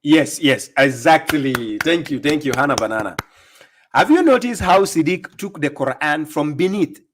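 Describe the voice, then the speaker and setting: A man's voice: fairly high pitch, animated, moderate pace, background noise. A man hosting a livestream, giving mocking, sarcastic religious commentary on video clips he plays. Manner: scornful, sarcastic, lecturing. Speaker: livestream host reacting to clips.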